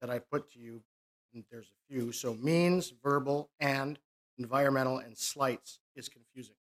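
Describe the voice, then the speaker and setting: Male lawyer, measured and probing cross-examination, middle pitch. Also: fairly even intonation. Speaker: lawyer questioning a witness.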